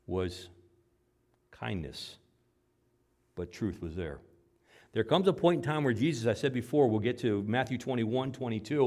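Male pastor mid-sermon, average pitch, dynamic delivery with loud peaks and quiet asides. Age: adult father. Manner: preaching with big swings from loud emphasis to quiet, low asides.

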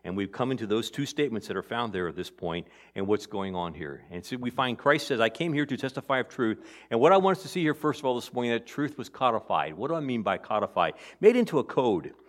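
A man's voice preaching in a church service, plain and mid-pitched. He talks as if to a familiar congregation, with loose restarts. He pushes key lines loudly and lets others fall soft and intimate. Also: animated, fast, few pauses. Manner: conversational preaching that swings between loud emphasis and quiet asides. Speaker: pastor. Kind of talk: sermon.

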